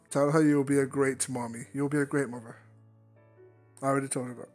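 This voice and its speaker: A man's voice: medium pitch, fairly even intonation, brisk, a little mellow, dry recording, soft background music. A man hosting a casual VR game chat, playful and teasing as he fires off questions. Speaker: host.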